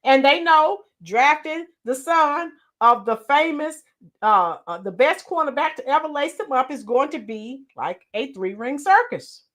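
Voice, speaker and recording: A high-pitched middle-aged woman hosts a casual live stream and talks straight to her chat. She calls viewers by name and says what she thinks in a blunt, opinionated way. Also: lively intonation, measured pace, fairly bright tone.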